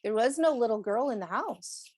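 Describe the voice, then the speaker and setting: A woman's voice: fairly high pitch, lively intonation, moderate pace, a little mellow, dry recording. A woman on a podcast, chatting in a rambling way about animals and laughing often. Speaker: animal communicator. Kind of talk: casual chat on a podcast.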